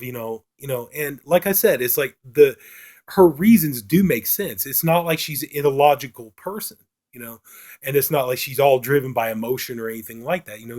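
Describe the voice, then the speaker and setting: A man's voice: medium pitch, a little mellow. A man reviewing a film, retelling its plot in a casual, rambling way full of filler phrases.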